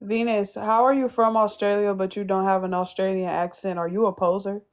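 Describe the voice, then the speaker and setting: A woman on a live stream panel, sassy and teasing. Her voice sits at a middle pitch. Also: level tone, fairly quick, smooth. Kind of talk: casual live chat.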